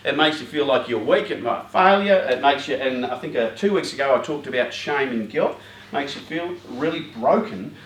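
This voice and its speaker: A man's voice: medium pitch, lively intonation, moderate pace, fairly bright tone, slight background noise. Chatty man in an echoey hall. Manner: chatty and joking, rambling with many fillers and asides. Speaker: youth group speaker. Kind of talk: informal talk to a youth group. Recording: roomy hall, voice far from mic.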